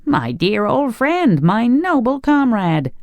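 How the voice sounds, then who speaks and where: A reader voicing a warm, formal male tin man who is an emperor, speaking in an effusive, courtly way. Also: mid-range voice, big pitch swings, moderate pace, dry recording, dull audio. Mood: gracious. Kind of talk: audiobook character voice.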